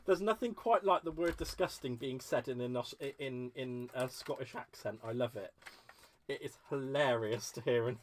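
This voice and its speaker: A man's voice: mid-range voice, moderate pace. A man hosting a crafting livestream from his home craft space, chatting casually and gushing as he answers viewer comments. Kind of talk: casual live-stream chat while crafting.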